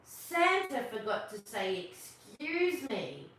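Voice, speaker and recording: A woman's voice: fairly high pitch, very animated, slow pace, fairly bright tone, slight background noise, exaggerated voice. A woman voicing a polite, thoughtful little girl who muses to herself. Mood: musing. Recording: echoey room, far from the mic.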